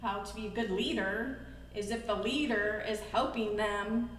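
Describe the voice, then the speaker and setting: A woman's voice: medium pitch, moderate pace, slight background noise. A woman who is a gym member, a guest on a podcast, chatting casually and poking fun at herself. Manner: chatty, self-deprecating. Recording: echoey room with long reverb.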